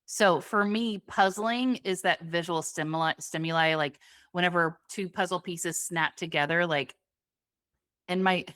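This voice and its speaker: Young woman podcast co-host, lower voice, dry close sound, casual and giggly. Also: unhurried, a bit bright, no room sound. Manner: chatty, laughs often, lots of fillers. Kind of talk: casual chat.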